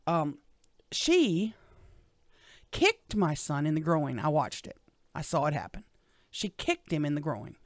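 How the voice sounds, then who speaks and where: A middle-aged woman, a radio show guest telling a personal story in an animated way. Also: deep voice, measured pace, pauses often, no echo, clean studio sound. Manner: animated storyteller, acts out what others said.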